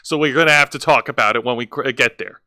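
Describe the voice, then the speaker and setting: A man's voice: mid-range voice, fast, bright, forceful tone. A man co-hosting a wrestling podcast, recapping segments with many fillers and restarts. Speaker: co-host. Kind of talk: casual wrestling review chat.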